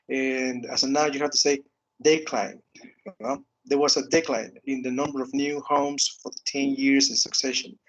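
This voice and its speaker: Halting teacher, tags "no?". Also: male voice, on the high side, muffled recording. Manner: halting, repeats words, frequent "okay" and "no?" tags. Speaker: English teacher. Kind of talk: online grammar lesson.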